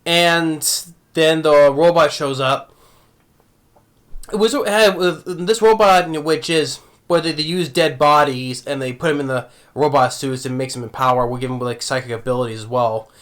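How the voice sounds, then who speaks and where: A man giving a casual, rambling anime review, full of restarts, his voice jumping up when excited and trailing off low at the ends of thoughts. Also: moderate pace.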